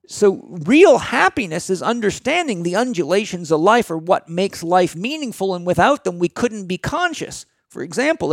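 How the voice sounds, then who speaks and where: A man's voice: high-pitched, vocal fry, no echo, studio quality. A middle-aged man speaking as a guest in a blunt, emphatic motivational talk.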